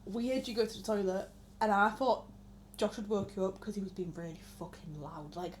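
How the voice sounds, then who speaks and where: A woman's voice: medium pitch, fairly even intonation, brisk, a little hiss or hum. A woman, chatting casually and telling stories with acted-out quotes and lots of swearing. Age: 20s. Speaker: podcast co-host. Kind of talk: casual chat.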